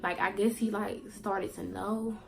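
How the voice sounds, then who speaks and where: A woman vlogger telling a personal story in a candid, slangy way, halting with fillers and repeats. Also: medium pitch, steady tone, creaky, very noisy. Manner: candid, slangy, sometimes swearing for emphasis; halting, with many fillers and repetitions.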